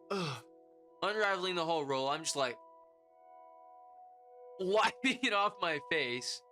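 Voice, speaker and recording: Young man, casual storytelling, animated pitch, high squeaky voices for quotes, faint music behind. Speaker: podcast host.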